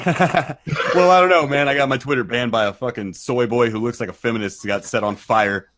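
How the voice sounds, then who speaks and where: A man's voice: mid-range voice, normal speed, a bit bright, a little hiss or hum. A man on a live stream panel, talking in profane, confrontational call-outs. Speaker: guest panelist. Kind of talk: heated live-stream banter.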